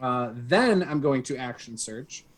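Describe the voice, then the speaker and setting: A man's voice: medium pitch, lively intonation, measured pace. A man playing in a tabletop game, hesitantly thinking aloud as he works out his turn. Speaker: player. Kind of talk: tabletop game play over a stream.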